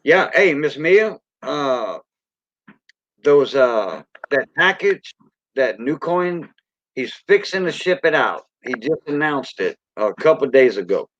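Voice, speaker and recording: A man with a Cajun accent chats casually on a livestream, rambling in a folksy way and calling out viewers by name. His voice sits at a middle pitch. The sound is dull and lo-fi, with a dry, close feel. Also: very animated, slow pace, fairly bright tone, no echo. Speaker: livestream host.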